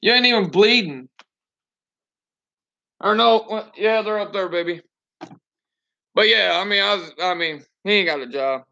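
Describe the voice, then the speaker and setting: A high-voiced, bright-sounding man, a trucker, vents bluntly and cusses freely while chatting on a home stream. His voice comes through a computer webcam and sounds muffled and lo-fi. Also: moderate pace, creaky. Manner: blunt and profane, ranting. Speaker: truck driver. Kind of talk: casual livestream chat.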